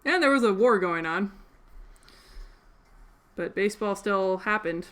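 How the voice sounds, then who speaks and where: A woman's voice: medium pitch, lively intonation, unhurried, fairly bright tone. Chatty young Canadian woman crafting. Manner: chatty, rambling, laughs often. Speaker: crafting livestream host. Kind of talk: casual chat while sewing.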